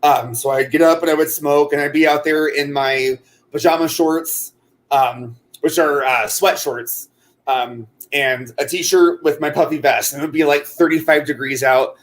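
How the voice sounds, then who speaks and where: A chatty man co-hosting a relaxed talk while he crochets. His voice sits a little high, and he rambles through long stories full of fillers and restarts. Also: unhurried. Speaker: co-host. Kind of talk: casual chat while crocheting.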